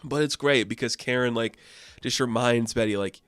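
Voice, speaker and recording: A man chats through a comic book review with loose, enthusiastic energy and constant fillers. His voice sits at an ordinary middle pitch. The recording is dry and close, with no room sound. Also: normal speed, fairly bright tone, dry recording. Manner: chatty, filler-heavy, enthusiastic. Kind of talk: casual video comic review.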